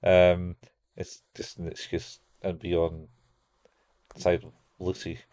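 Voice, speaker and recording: A man's voice: low-pitched, completely flat delivery, takes it slowly, dark tone, no echo. A man co-hosting a podcast, casually recapping an anime and acting out lines in raised voices. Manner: rambling, acts out quotes in raised voices. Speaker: podcast co-host.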